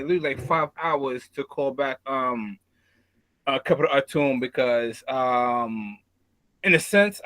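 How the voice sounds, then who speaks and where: A man giving an emotional spoken tribute, halting and restarting often while holding back tears. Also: mid-range voice, fairly bright tone, no room sound. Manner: halting, many fillers and restarts. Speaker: mourner sharing a tribute.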